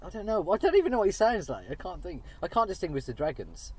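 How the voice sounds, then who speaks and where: A man co-hosting a podcast in casual chat, talking in a hesitant, halting way. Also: high-pitched, huge pitch swings, a little mellow, breathy edge. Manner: hesitant, halting, full of fillers. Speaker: podcast co-host.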